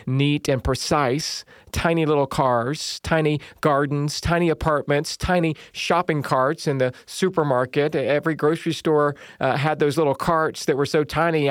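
A man's voice: on the high side, no room sound, studio quality. A middle-aged man, preaching a sermon with humorous storytelling. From Southern United States. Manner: humorous storytelling, lively quoted voices. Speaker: pastor.

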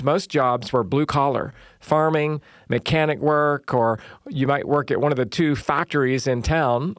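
A man's voice: a little high, dry recording, clean studio sound. A middle-aged man, preaching a sermon with humorous storytelling. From Southern United States. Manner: humorous storytelling, lively quoted voices. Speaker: pastor.

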